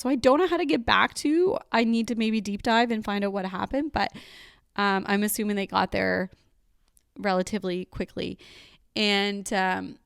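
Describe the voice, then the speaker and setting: A woman's voice: medium pitch, vocal fry, clear, resonant tone, no room sound, studio quality. A young adult woman hosting a solo podcast, telling a personal story in a candid, rambling way with many fillers. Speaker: podcast host.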